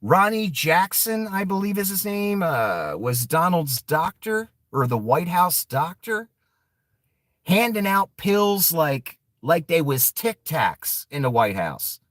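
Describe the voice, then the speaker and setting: A man's voice: on the high side, big pitch swings, slow pace, a bit bright, dry recording. A man giving casual, profane political commentary, laughing often and throwing mocking asides to his viewers.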